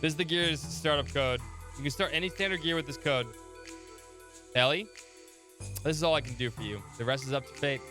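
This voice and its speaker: A man's voice: fairly high pitch, fairly quick, long pauses, pushed and bright, soft background music. A man voicing an earnest, conflicted young female soldier in a game read-along, in his own voice. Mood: resolute. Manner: earnest, apologetic.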